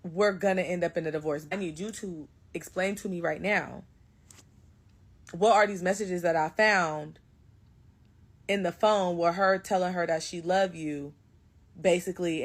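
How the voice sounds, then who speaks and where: A young woman telling a personal story in a casual, animated way, acting out quotes and bursting into loud outrage. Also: lowish voice, no room sound, rough recording.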